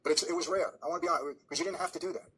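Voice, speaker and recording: Husky man talking fast and candid. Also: on the high side, fairly even intonation, bright, forceful tone, poor audio. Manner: hesitant, restarting, confiding. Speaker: interview guest. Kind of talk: candid interview answers.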